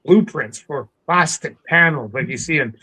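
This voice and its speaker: A man from coastal British Columbia, a podcast guest telling stories in a casual interview, animated and acting out the people he quotes. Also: fairly high pitch, normal speed, slightly rough, poor audio. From coastal British Columbia, Canada.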